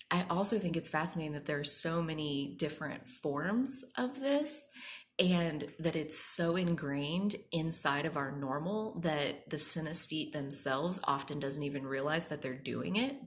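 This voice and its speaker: Chatty woman telling a story. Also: low-pitched. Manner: animated, acts out quoted voices, frequent "like" fillers. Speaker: podcast host. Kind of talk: casual storytelling monologue.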